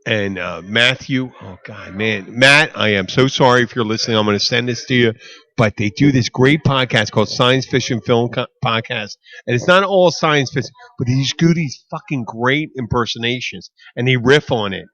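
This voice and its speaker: A man co-hosting a casual podcast, riffing and swearing in an animated way. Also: mid-range voice. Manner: animated, swearing, quick to riff. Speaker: podcast co-host. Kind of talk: casual chat.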